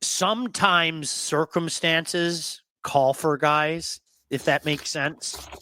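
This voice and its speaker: A man hosting sports talk radio in an emphatic, animated way. His voice sits somewhat high for a man. The sound is dry and close, with no room around it. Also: extremely slow, no echo. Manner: emphatic, animated storyteller who repeats words for effect.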